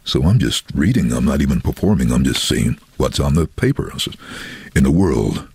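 A man's voice: big pitch swings, brisk, a little mellow, dry recording, studio quality. A man who is a voiceover artist and former train driver, telling anecdotes in an interview and acting out the voices of people in them. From London. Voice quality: very deep, husky. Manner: storytelling, acts out quoted voices.

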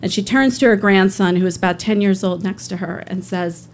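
Earnest woman storyteller, plain conversational delivery, mid-pitched voice. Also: slight background noise. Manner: earnest, conversational, slowing at emotional moments. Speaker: public defender telling a personal story. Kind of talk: live personal storytelling.

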